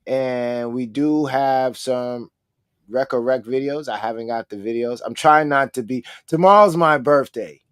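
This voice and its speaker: A laid-back man co-hosting a live talk stream, with a medium-pitched voice. He speaks in an easygoing way, full of casual slang. The sound is dry and close. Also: a little slow, clear, resonant tone, dry recording. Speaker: co-host.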